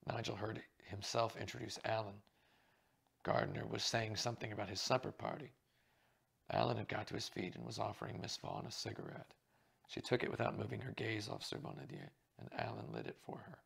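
A man quietly reading a mystery novel aloud as narrator. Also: on the low side, expressive, brisk, gravelly, breathy edge. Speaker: reader.

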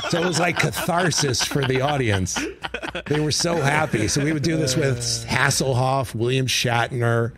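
Animated man telling a comedy backstory. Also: medium pitch, over music. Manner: animated, quick asides and acted-out quotes. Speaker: comedy writer and guest. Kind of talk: casual interview storytelling. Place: radio studio.

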